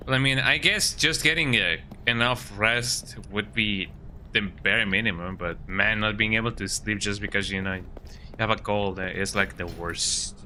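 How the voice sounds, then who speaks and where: Bright-voiced male streamer with a cold. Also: on the low side, normal speed, a little hiss or hum. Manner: laid-back chatter, tags lines with "eh?". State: sick with a cold. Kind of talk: casual game commentary.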